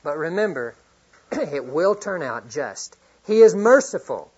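A middle-aged man preaching a sermon, earnest, reading scripture often and swinging from loud to hushed. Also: on the high side, very animated, a little slow, breathy edge. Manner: reads scripture aloud often. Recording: dull lo-fi recording.

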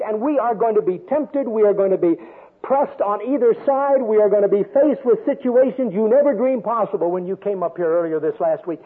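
An older man preaching a sermon with a storytelling manner, swinging from loud emphasis down to a soft hush. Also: high-pitched, moderate pace, husky. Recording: tinny phone-like radio sound.

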